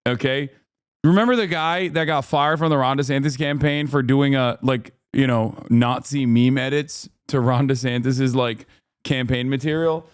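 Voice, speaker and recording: A man in his thirties riffs sarcastically over clips, swearing freely and jumping between mock outrage and laughter. His voice is smooth and resonant, recorded dry and close with no room sound. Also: mid-range voice, moderate pace, dry recording. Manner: profane, sarcastic, animated. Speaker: streamer reacting to videos. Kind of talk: casual streaming commentary.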